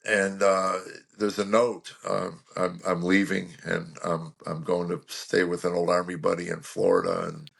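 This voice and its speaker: Gravelly 60s guy, comedian telling stories, low voice, acts out the lines. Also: a little slow, hardly any pauses. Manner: animated storyteller, acts out quotes. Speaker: comedian guest. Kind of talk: storytelling interview chat.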